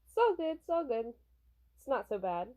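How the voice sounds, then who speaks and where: A woman's voice: fairly high pitch, big pitch swings, moderate pace, mellow. A woman voicing a brash, cheerful young male pop star with a put-on Southern drawl, as she reads from a comic. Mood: carefree.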